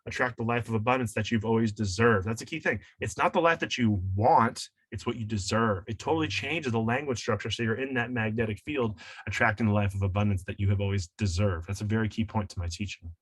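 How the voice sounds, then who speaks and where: A man's voice: fairly low pitch, fast talker, few pauses, breathy edge, no echo. A man coaching and teaching in an interview, emphatic and preachy, repeating his key points. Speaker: shadow work coach and author.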